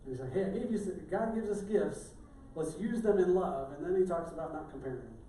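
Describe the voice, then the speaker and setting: A man's voice: fairly high pitch, lively intonation, brisk, warm tone, slight background noise. Man preaching in an echoey church. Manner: conversational, joking asides. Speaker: pastor. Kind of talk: sermon. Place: church sanctuary. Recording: echoey church room, distant mic.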